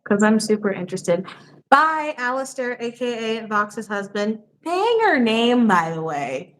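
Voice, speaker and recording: Lively young woman chatting on a livestream. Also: fairly high pitch, a little slow, slight background noise. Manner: chatty, laughs often, reads viewer questions. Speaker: livestream host. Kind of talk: casual livestream chat.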